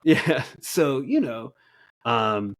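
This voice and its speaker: A laid-back man co-hosting a podcast, with a wry, easy delivery and frequent laughter. His voice sits at an ordinary middle pitch for a man. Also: lively intonation, extremely slow, fairly bright tone. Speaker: podcast co-host. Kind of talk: casual banter.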